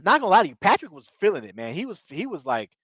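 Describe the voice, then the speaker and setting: A man's voice: sits high, wildly swooping pitch, very fast, a bit bright, no room sound. A man giving a casual, rambling recap of a TV episode, repeating himself and leaning on fillers like "you know what I mean". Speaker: TV show reviewer. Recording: dull lo-fi dry recording.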